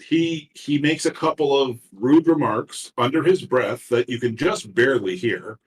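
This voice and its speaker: A man narrating a tabletop game as game master, talking haltingly with many fillers and restarts. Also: medium pitch. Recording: roomy echo, far from mic.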